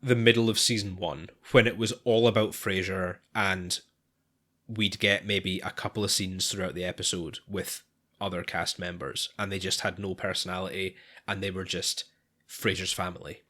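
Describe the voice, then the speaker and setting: A man with a fairly low voice chats casually as a podcast co-host. He hesitates often, restarting his sentences and sighing between thoughts. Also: flat delivery, moderate pace, bright, forceful tone. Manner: hesitant, lots of restarts and sighs. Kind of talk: casual chat.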